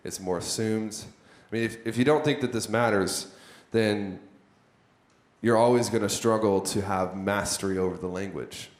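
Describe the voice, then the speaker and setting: A man with a fairly low voice teaches a workshop on writing content and keeps quizzing the people in front of him. His tone stays chatty and direct. The sound bounces around the room he is speaking in. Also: moderate pace. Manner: conversational, quizzes the audience. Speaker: content creation trainer. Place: room with a live audience. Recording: echoey room.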